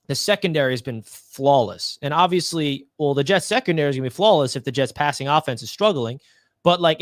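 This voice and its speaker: A man's voice: fairly high pitch, no room sound, studio quality. A man on a casual podcast panel, giving confident, emphatic football analysis. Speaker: Jets fan panelist.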